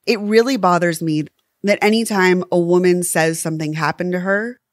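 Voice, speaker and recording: A woman's voice: lowish voice, normal speed, dry recording, clean studio sound. A woman co-hosting a true crime podcast in casual chat, impassioned and swearing freely. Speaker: podcast co-host.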